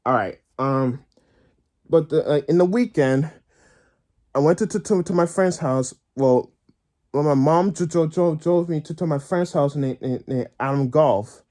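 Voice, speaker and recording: High, stammering giggly man. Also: unhurried, dark tone. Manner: stammering, repeating words, giggling through the story. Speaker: gaming vlogger. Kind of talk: casual storytelling to viewers.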